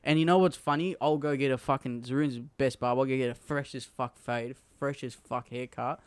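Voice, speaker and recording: A man's voice: mid-range voice, fairly even intonation, fairly quick, clean tone, no room sound. An Australian man hosting a podcast, telling stories in crude, joking casual chat. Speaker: podcast host.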